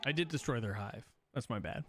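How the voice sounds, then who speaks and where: With a mid-range, fairly bright voice, a young man speaks a little fast and expressively as he streams a game. Music runs in the background while he rambles, curses freely, and self-corrects by restarting his lines.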